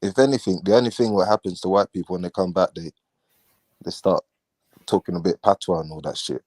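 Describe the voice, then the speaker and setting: A man's voice: low-pitched, fairly quick, darkish tone. A man, chatting casually as host of a live stream. He is slangy and laid-back, mocks the people he talks about, and acts out their lines. The sound is dry and close, with no room echo. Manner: laid-back, mocking, slangy, often acts out what others say. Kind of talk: casual chat.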